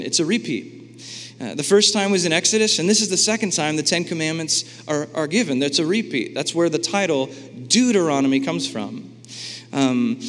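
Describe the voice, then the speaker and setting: A man preaching a sermon in a lively, conversational way, asking his congregation questions and acting out the voices in the scripture. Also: fairly high pitch. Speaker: pastor. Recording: long hall reverb.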